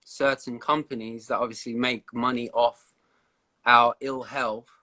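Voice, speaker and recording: A man joining a live stream as a guest, talking in a measured, thoughtful way. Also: mid-range voice, level tone, pushed and bright. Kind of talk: casual live-stream chat.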